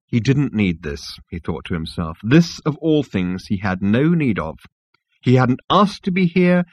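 A man reads a comic story aloud in a wry, expressive manner. His pitch moves lively through each sentence. The recording is dry and a little dull. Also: measured pace, no echo. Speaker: audiobook narrator. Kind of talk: scripted comic narration.

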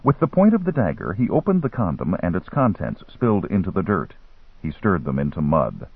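Brief: low, husky male narrator, very animated pitch, phone-like sound. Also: a little fast, no echo. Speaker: audiobook narrator. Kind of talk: scripted novel narration. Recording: tinny phone-like line, dry.

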